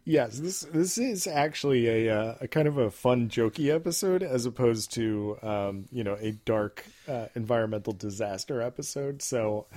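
A man's voice: mid-range voice, animated, moderate pace, hardly any pauses, warm tone. A man co-hosting a casual podcast, teasing his partner and laughing often. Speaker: podcast co-host.

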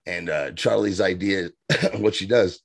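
A man's voice: low-pitched, measured pace, gravelly, no echo, clean studio sound. A man co-hosting a podcast, chatting enthusiastically and often breaking off and restarting his sentences. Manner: enthusiastic, self-interrupting. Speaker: podcast co-host. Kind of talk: casual chat.

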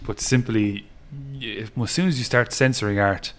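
An Irish man, a music festival promoter, chatting on a podcast and telling lively stories, acting out other people's lines and laughing often. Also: fairly low pitch, moderate pace. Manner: animated storyteller who acts out quotes and laughs often. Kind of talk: casual podcast interview, storytelling.

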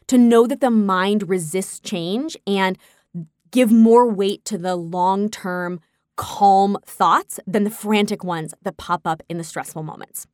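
A woman's voice: mid-range voice, slow, no echo. Candid woman telling her story, dry sound. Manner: candid, animated when quoting herself, laughs often. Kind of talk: casual personal storytelling.

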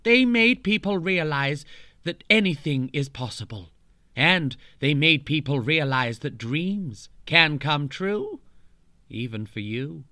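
A man's voice: a little high, animated, takes it slowly, bright, forceful tone, no room sound, clean studio sound. A man narrating a storybook tale in a camp, playful, mock-grand way, full of cheeky asides.

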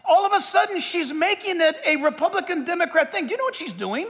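A man's voice: very high-pitched, expressive, fast, hardly any pauses, fairly bright tone. A man preaching a sermon from the pulpit, reading scripture aloud and adding emphatic asides. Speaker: pastor. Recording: echoey hall recording.

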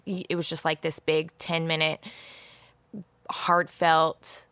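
A woman's voice: deep voice, level tone, takes it slowly, a bit bright, smooth, dry recording. A woman co-hosting a podcast, telling personal stories bluntly with lots of swearing. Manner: blunt, profane, teasing. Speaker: podcast co-host. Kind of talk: casual chat and storytelling.

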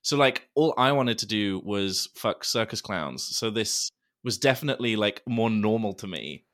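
A man hosting a podcast in casual chat, enthusiastic and quick to laugh, swearing freely. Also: lowish voice, expressive, fairly bright tone. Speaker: podcast host.

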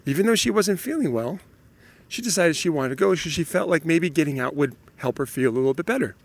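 Laughing, animated dad telling stories. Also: male voice, a little high, fast talker. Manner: animated storytelling, laughs often. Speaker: father sharing parenting stories. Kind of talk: casual vlog monologue.

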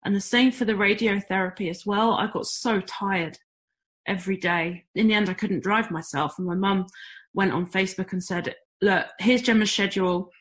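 A woman's voice: medium pitch, fairly even intonation, moderate pace, fairly bright tone. A middle-aged woman from the UK, talking candidly as an interview guest, with self-deprecating humor. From United Kingdom. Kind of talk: conversational interview.

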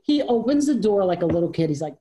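A woman's voice: mid-range voice, big pitch swings, fast talker, dark tone. A woman telling brash, profanity-laced stories in a casual chat. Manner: brash, swears freely, acts out quotes.

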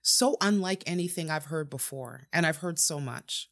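A woman's voice: low-pitched, normal speed, a bit bright. A woman hosting a podcast, crying as she speaks in an effusive, tearful way. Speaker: podcast host. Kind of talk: emotional podcast chat.

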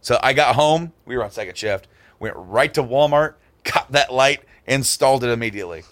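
A man's voice: mid-range voice, normal speed. A man telling a story in a casual podcast chat, acting out the people in it. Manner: animated, acts out the people in his stories.

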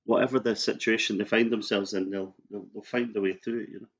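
Middle-aged Scottish man, low-pitched, easygoing guest telling anecdotes. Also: steady tone, quick pace, breathy edge, lo-fi sound. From Scotland. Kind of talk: casual interview chat.

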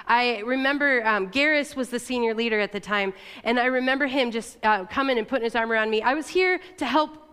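Middle-aged woman church leader, candid sermon delivery, clear resonant tone, reverb of a large hall. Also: a little high, fairly bright tone. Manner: conversational, candid, with fillers and self-corrections.

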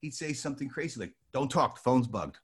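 An older man from New Jersey tells a personal story with a lot of energy. His pitch swings widely and he keeps jumping into other people's voices. He sounds like a born storyteller. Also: animated, a little fast, husky. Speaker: storyteller guest. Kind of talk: animated anecdote telling.

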